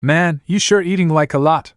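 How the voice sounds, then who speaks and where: A man's voice: fairly high pitch, moderate pace, dry recording, studio quality, voice pushed up, natural voice. A man voicing an easygoing young male student while reading fan fiction aloud. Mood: teasing.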